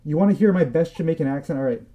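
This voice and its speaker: Dark-voiced man, teasing casual chat. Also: a little high, very fast. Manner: joking, teasing, loose and rambling. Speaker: podcast co-host.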